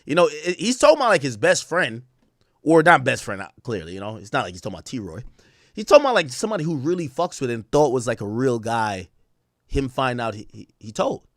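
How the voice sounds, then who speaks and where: A man's voice: medium pitch, big pitch swings, brisk, no echo, studio quality. A man hosting a live stream, rambling casually with lots of "like" and "you know" while he explains street slang to his viewers. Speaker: stream host reacting to rap songs.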